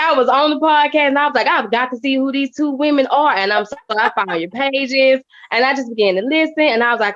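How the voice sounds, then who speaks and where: A woman's voice: fairly high pitch, brisk. A woman from Mobile, Alabama with a Southern accent, a guest on a podcast, speaking emotionally and telling her story with laughs and tears close by. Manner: animated, tearful, laughing storyteller. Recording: slightly muffled lo-fi sound.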